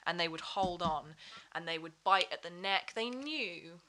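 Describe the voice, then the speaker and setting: A woman's voice: fairly low pitch, lively intonation, a little slow, sharp tone. A woman chatting as a podcast guest, rambling with many fillers and restarts. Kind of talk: casual chat.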